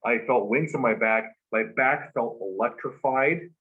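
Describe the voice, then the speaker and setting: A man, a guest, casually telling a long story, animated and full of fillers. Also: medium pitch, unhurried. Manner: animated retelling with many fillers. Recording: dull lo-fi recording.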